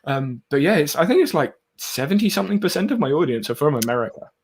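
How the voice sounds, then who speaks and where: A man's voice: a little high, sing-song, quick pace, breathy edge. A young man in his twenties with a southeast English accent, chatting casually as host of a live stream, laughing often. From southeast England. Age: 20s.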